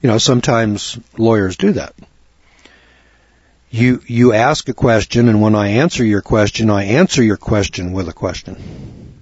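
A man telling a folksy, animated story in a lecture, acting out both sides of a conversation. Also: fairly low pitch, unhurried, husky, no echo, dull audio. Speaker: speaker on law and scripture.

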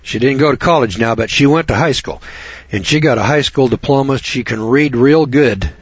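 A man's voice: medium pitch, normal speed, husky, no room sound. A middle-aged man hosting a radio talk show, folksy and sarcastic, rambling with repetitions. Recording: dull dry lo-fi radio recording.

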